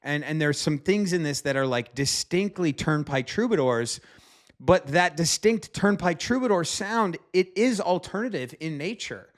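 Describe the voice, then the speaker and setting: A man casually reviewing an album, talking enthusiastically in a rambling way with frequent fillers and casual swearing. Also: a little high. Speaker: music reviewer.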